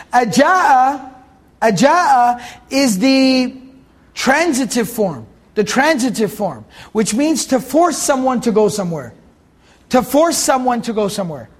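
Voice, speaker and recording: High-voiced man teaching Quran commentary. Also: breathy edge. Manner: repeats key phrases, explains Arabic words.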